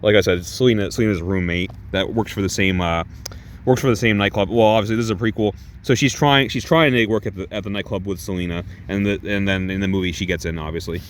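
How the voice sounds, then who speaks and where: A man casually reviews a comic book while reading it aloud, rambling with many restarts and some swearing. His voice is fairly low and fast, with a little hiss or hum.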